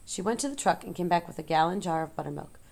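A woman reads a children's storybook aloud at a measured, expressive pace. Her voice sits low with a gravelly grain throughout. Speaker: narrator.

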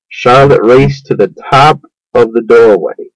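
Slow, measured man reading a storybook. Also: mid-range voice, dry recording, rough recording. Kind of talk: children's book read-aloud.

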